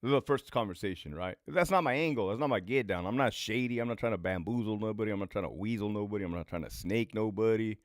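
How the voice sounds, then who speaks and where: A man's voice: lowish voice, fast talker, few pauses, no room sound, studio quality. A man in his forties, a former prison lieutenant, telling stories on a casual livestream in a blunt, profane way with lots of repetition. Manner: profane, blunt, emphatic with repeated phrases. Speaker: former prison lieutenant turned online host.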